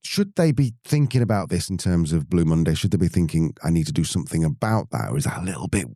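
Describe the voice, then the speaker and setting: A man hosts a podcast in a chatty, upbeat way and reads out listener questions. His voice sits fairly low and sounds warm and mellow. The recording is dry and close. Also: very animated, fast talker, dry recording. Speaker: podcast host. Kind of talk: casual podcast chat.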